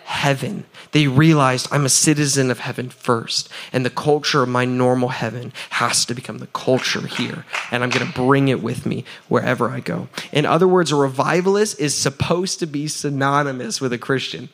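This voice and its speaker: A man preaching a sermon as pastor, energetic and chatty, asking the crowd for answers and often adding "right?". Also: medium pitch, moderate pace, gravelly, hardly any pauses, slight background noise. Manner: laughs often, repeats "right?".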